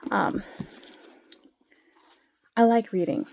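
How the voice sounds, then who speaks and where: A woman's voice: medium pitch, very slow, vocal fry, darkish tone. A woman chatting casually to camera at home, rambling with sighs and frequent fillers. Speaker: vlogger. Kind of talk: casual chat.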